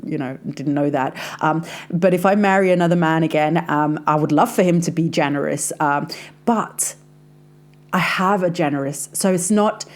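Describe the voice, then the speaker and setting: A woman with a slightly low voice talks in a casual, confiding way, hosting her faith podcast. She chats to the listener like a close friend, with lots of easy fillers. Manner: chatty and confiding, addresses listener as sis, frequent "like". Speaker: podcast host and life coach.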